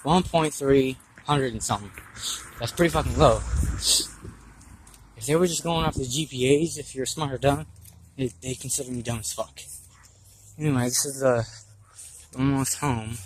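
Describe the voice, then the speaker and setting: A young man in a vlog, talking in a rambling, frustrated way and swearing often. His voice sits at an ordinary middle pitch, with faint noise behind him. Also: normal speed, pauses often, poor audio. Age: young adult. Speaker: vlogger. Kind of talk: casual vlog monologue.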